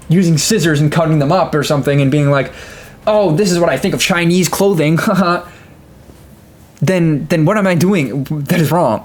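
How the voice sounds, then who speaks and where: Ranting young man, slightly high voice. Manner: ranting, frequent fillers and restarts, laughing asides. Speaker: gaming video creator. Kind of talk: casual rant to camera.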